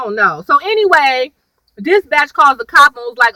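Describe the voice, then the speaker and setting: A woman's voice: high voice, expressive, normal speed, bright, forceful tone, no room sound, poor audio. A woman chatting through a TV episode recap, rambling and wandering off on tangents while talking to her viewers. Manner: addresses viewers as "y'all". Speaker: TV episode reviewer.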